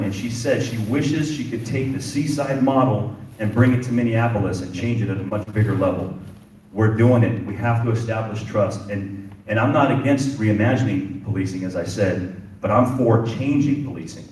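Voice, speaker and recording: A middle-aged man serving as police chief speaks passionately at a community symposium, using repetition for emphasis, in a lowish, slightly mellow voice at a moderate pace. The event hall is echoey and the mic sits far off.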